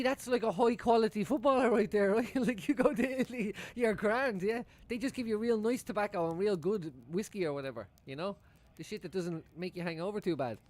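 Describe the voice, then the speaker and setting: Male football-fan streamer, higher-pitched voice, loose rambling chat full of swearing and laughter. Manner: rambling, swears freely, chuckles often. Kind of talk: casual live-stream chat.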